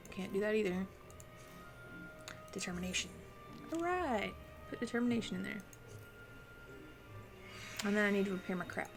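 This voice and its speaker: A woman with a medium-pitched, creaky voice streams a video game. She chats casually, thinking aloud as she plays and responds to her chat in relaxed live-stream commentary.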